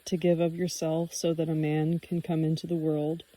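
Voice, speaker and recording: A woman voicing a joyful young woman of the forest in an audiobook reading, with a gentle, sing-song delivery. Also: deep voice, monotone, normal speed, lightly acted, rough recording. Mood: questioning.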